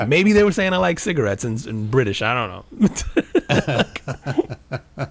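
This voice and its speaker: Podcast co-host: an animated male storyteller with a lot of laughter, dry studio sound. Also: mid-range voice, slow, creaky, no echo. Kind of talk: casual chat.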